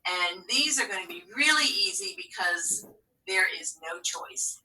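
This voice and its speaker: Bright-voiced teacher, far from the mic. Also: female voice, a little high, sing-song, unhurried. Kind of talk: remote phonics lesson.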